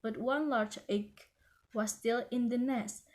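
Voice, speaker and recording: A woman reading a children's picture story aloud in a gentle, measured way. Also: on the high side, steady tone.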